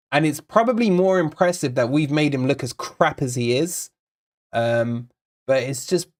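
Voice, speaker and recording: Young guy ranting about his team's players, kinda high voice, sarcastic and fed up, reading comments out. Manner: exasperated, sarcastic ranting, reads viewer comments aloud. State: recovering from covid. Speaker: fan channel host. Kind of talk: casual fan review with player ratings.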